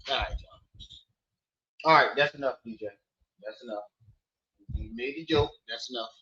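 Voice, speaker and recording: A man hosting a casual live stream from home, teasing his kids loudly and then chatting with viewers. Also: medium pitch, moderate pace, dull audio. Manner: loud playful teasing with his kids, then relaxed talk. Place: at home with children.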